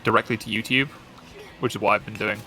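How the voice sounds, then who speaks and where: Bright-voiced man in rambling gaming chat. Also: lowish voice, steady tone, quick pace, faint music behind. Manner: rambling, self-interrupting, joking. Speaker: streamer.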